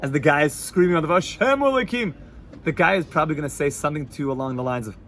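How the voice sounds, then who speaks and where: A man, a rabbi, giving an informal Torah class in a yeshiva hall, sprinkling Yiddish and Hebrew words into casual talk and swinging between loud and hushed. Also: on the high side, rapid-fire, slight background noise. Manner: animated, swings from loud to hushed, laughs easily.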